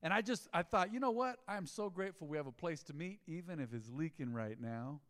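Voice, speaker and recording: A man preaches in a church sanctuary, his fairly high voice carrying a long hall reverb. He tells a story with animated swings, from loud exclaims down to hushed asides. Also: brisk. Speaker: pastor. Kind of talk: sermon.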